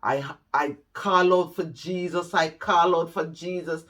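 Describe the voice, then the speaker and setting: Jamaican man, middle-aged, vlog storytelling; slow, earnest, repetitive; mic set back a bit. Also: a little high, a bit bright, recorded from a distance. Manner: slow, heartfelt, repeats phrases for emphasis. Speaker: vlogger telling his life story. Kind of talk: personal storytelling to camera.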